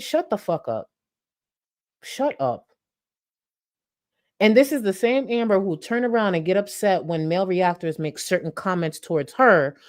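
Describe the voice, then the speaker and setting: A woman's voice: lowish voice, darkish tone. A woman hosting a live reaction stream, blunt and mocking with crude, profane jokes.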